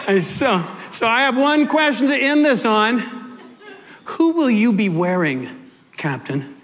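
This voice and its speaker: A male pastor telling a personal story in an animated, emotional sermon, ending in prayer. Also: sits high, moderate pace, long reverb tail. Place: church sanctuary.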